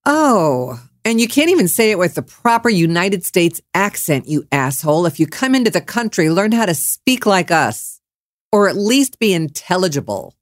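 A woman's voice: fairly low pitch, dry recording, studio quality. A woman radio host, ranting heatedly and profanely at a scammer on the air. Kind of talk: angry on-air rant.

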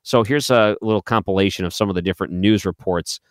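A man's voice: fairly low pitch, quick pace, dry recording, studio quality. A man hosting a political commentary show, sarcastic and mocking as he plays clips. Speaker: commentary host.

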